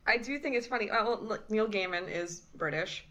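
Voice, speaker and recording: A woman's voice: mid-range voice, brisk, fairly bright tone, rough recording. Giggly hesitant woman co-host. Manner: giggly, hesitant, many fillers. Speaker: podcast co-host. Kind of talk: casual chat.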